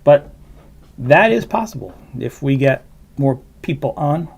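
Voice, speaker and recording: A man talks casually to his stream viewers from his computer. His commentary rambles, with fillers and side remarks, at an ordinary middle pitch. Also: very animated, measured pace, vocal fry, darkish tone, slight background noise. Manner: rambling, chatty, with fillers and asides. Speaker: livestream host reacting to a video.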